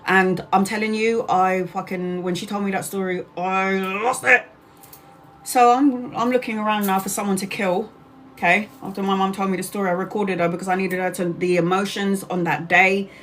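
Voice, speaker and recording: Angry, animated woman telling a story. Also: medium pitch, normal speed, a little hiss or hum. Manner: angry, animated retelling with swearing and acted-out quotes. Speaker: tarot reader livestreaming. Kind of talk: casual storytelling to viewers.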